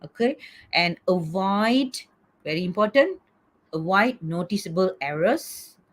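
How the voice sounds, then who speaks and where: A woman's voice: lowish voice, slight background noise. A middle-aged woman teaching an online class over a video call, coaxing students and checking in with "okay?" after nearly every point. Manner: repeats "okay?" often, coaxing. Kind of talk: online lecture.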